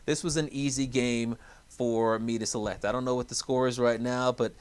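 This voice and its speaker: A man's voice: mid-range voice, steady tone, normal speed, slight background noise. A man co-hosting a sports podcast with easygoing, chuckling banter. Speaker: podcast co-host. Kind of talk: casual sports talk.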